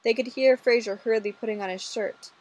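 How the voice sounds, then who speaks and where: A woman reading fan fiction aloud in a casual, expressive storytelling manner. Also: on the high side, a little fast, rough recording. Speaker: audiobook reader.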